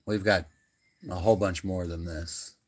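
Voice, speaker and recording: A man's voice: deep voice, steady tone, moderate pace. A man casually chatting and rambling as he shows a home media room on a live stream, filmed on a handheld phone. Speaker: channel co-host giving a room tour. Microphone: handheld phone camera.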